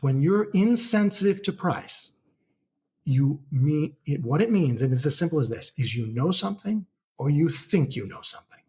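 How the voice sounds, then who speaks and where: A middle-aged market analyst appears as a guest on a casual podcast interview, explaining things as an animated storyteller and acting out trading-desk dialogue. His voice is fairly high and husky.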